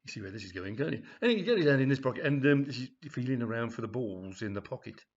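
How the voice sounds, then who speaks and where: Husky man telling a cheeky story. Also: medium pitch, lively intonation, quick pace. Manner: rambling, full of ums and chuckles. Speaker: comedy storyteller. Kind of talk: reading a comic story aloud. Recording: dull, lo-fi home recording.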